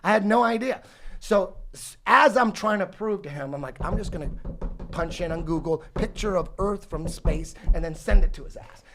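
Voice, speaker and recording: A man in his forties telling a long story in casual talk, rambling and animated, swearing often and restarting his sentences. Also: high voice, moderate pace, a little hiss or hum. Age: 40s. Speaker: podcast guest telling a story.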